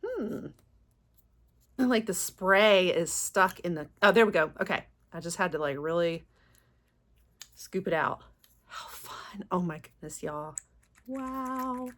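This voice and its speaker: Lady gushing over a makeup box, bright voice that swoops all over, slow easy chat. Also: fairly low pitch, animated. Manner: gushing, exclaims often, says "y'all". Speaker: beauty vlogger. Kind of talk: casual unboxing chat.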